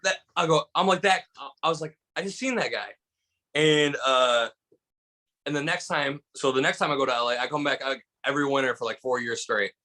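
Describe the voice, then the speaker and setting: A comedian from Michigan telling stories in a casual chat, rambling with lots of restarts and fillers. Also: male voice, mid-range voice, brisk, bright, forceful tone. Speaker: guest comedian.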